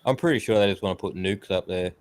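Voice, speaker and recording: A man's voice: deep voice, quick pace. A man, ranting bluntly and profanely in a casual stream chat. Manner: mocks others in raised put-on voices.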